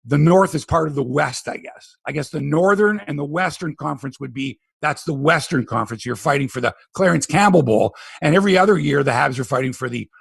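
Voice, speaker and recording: A man hosting a sports podcast, ranting in animated, profane casual talk. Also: a little high, fairly quick, creaky, few pauses, breathy edge, dry recording.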